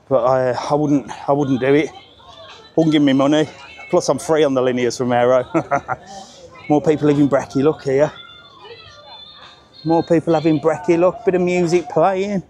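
A man's voice: a little high, a little mellow. A man doing a chatty, upbeat live-stream vlog while walking outdoors along a busy seaside promenade, talking into a handheld phone. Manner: chatty and upbeat, chats with passers-by. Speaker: travel vlogger.

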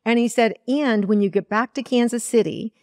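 A woman's voice: fairly high pitch, moderate pace, dry recording, clean studio sound. A woman, a spiritual teacher, earnestly telling a personal story in a podcast interview and acting out her own past words. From Iowa. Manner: earnest, animated retelling with quoted inner dialogue.

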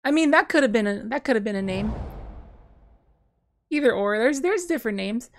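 A fairly high-voiced woman gives play-by-play on her own card game from a home desk microphone. She chats and thinks aloud, then breaks into sudden excited bursts. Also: normal speed, slight background noise. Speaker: gameplay streamer. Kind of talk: casual play-by-play commentary.

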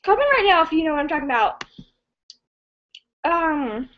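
A woman hosting a casual live stream, reading viewer comments in an excitable, scattered and giggly way. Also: sits high, moderate pace, muffled recording.

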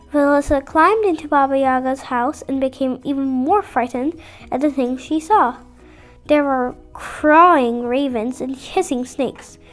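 A woman narrating a fairy tale as a bedtime storyteller for children, clear and expressive. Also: high voice.

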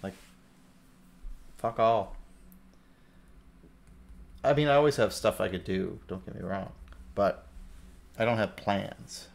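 A man's voice: fairly low pitch, takes it slowly, vocal fry, long pauses. A man hosting a casual art talk show, laid-back and laughing easily, with casual swearing. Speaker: host. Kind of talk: casual chat.

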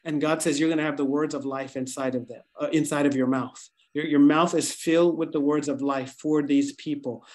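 A man's voice: steady tone, a little fast, hardly any pauses, a little mellow. Fervent man prophesying in church. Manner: fervent, repeating phrases and rising in pitch. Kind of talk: prophetic ministry over a congregation. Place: church service.

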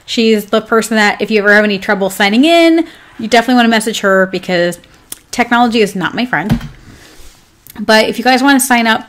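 A woman's voice: mid-range voice, a bit bright. A woman coaching pet groomers in a casual live class, chatty and upbeat, rambling with plenty of fillers. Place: home with her dog nearby.

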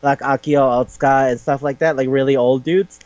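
A man in casual chat, rambling through a story with many "like"s and the odd curse word. His voice sits at an ordinary middle pitch, and the recording sounds dull and lo-fi. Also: steady tone, brisk, darkish tone, no room sound. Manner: rambling, lots of "like" and swearing, brief quoted voices. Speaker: podcast co-host. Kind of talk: casual chat, retelling a manga plot.

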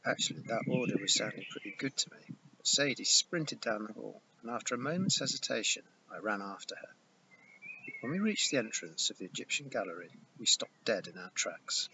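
A man reading a first-person novel aloud in a steady storytelling manner. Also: fairly low pitch, fairly quick, creaky. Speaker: audiobook reader. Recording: dull lo-fi with hiss.

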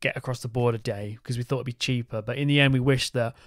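Guy co-hosting a travel podcast, laid back and jokey, mid pitch, dry close sound. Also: quick pace, dry recording. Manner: relaxed, chatty, jokey asides. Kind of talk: casual chat.

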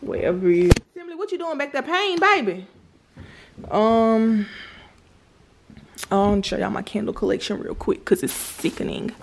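A woman's voice: a little high, expressive, moderate pace, vocal fry, pauses often. A woman in her twenties chatting casually to viewers in a vlog, filming in her new house on a handheld phone. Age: 20s. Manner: chatty, addresses viewers as y'all. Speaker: vlogger.

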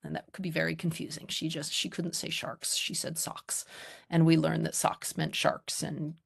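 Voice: mid-range voice, flat delivery, normal speed, vocal fry, slightly rough. A lecturer on child language research giving an informal public talk over a video call, explaining in a conversational, reassuring way.

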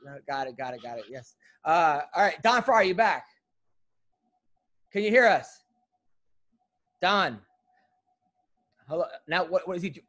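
Casual man, podcast host, light high voice, joking banter. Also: expressive, measured pace, long pauses, a bit bright. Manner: loose, joking, swears. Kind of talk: casual chat on a video call.

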